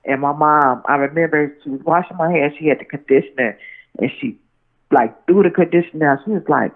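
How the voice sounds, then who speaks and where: A woman interview guest, low-pitched and brisk, tells a rambling story over a tinny phone connection. The conversation is casual, and she restarts often and tosses in "you know what I'm saying."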